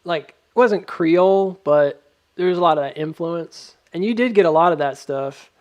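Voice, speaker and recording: Guy rambling about stock charts, kinda higher voice, lots of ums, cracks himself up. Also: normal speed, highs cut off. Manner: rambling, many ums, laughs at his own jokes. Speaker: stock market chart commentator. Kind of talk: casual market commentary.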